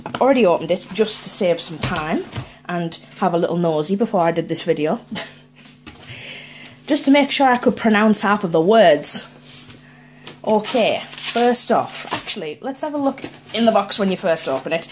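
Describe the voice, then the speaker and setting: Lively chatty woman. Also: medium pitch, moderate pace, background noise. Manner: chatty, playful, thinking aloud. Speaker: unboxing vlogger. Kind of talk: casual unboxing chat.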